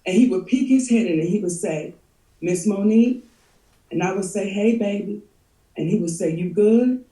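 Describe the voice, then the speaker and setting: A middle-aged woman telling stories as a guest in a casual chat, animated, laughing often and cursing freely. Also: medium pitch, fairly quick, recorded from a distance. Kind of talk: storytelling chat. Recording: echoey room.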